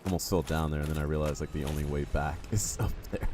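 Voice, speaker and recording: A man's voice: very deep voice, steady tone, fast, background noise. A man streaming a game live, chatting casually and joking with his viewers. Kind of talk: casual live-stream chat while playing.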